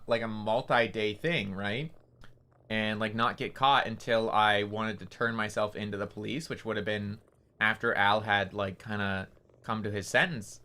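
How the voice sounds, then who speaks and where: A man's voice: fairly low pitch, bright, forceful tone. A man casually recounting a game story on his stream, rambling and swearing with lots of fillers.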